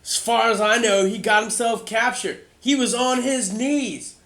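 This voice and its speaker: A man voicing a defiant townsman, a former guild fighter, in a high, loud, indignant whine. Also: measured pace, vocal fry, exaggerated voice. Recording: echoey room sound.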